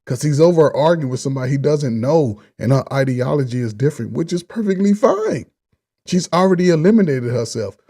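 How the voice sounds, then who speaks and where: A man's voice: medium pitch, dark tone. Blunt man reacting with slang. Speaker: reaction commentator. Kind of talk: casual reaction commentary.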